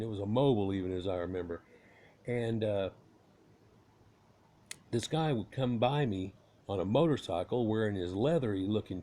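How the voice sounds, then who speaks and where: A man's voice: fairly low pitch, warm tone. A man telling a long, rambling story in a folksy, casual way, cursing now and then. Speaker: car owner telling a story.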